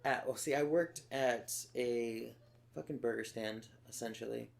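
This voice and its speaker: A man's voice: medium pitch, a little slow, vocal fry. A man from Los Angeles, a podcast co-host telling stories in a sardonic, profane way. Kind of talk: casual chat.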